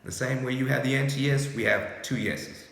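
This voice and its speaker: This man's medium-pitched, creaky voice moves at a moderate pace through a free-flowing spiritual talk full of slang, asking his listener "yes?" and "right?" again and again. He keeps gently saying "calm down," with long reverb from a very echoey room.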